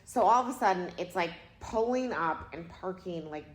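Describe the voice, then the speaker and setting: A young woman who works as a hairstylist and co-hosts a podcast, chatting in a relaxed, wry way. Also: fairly low pitch, moderate pace. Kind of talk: casual chat. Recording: roomy echo.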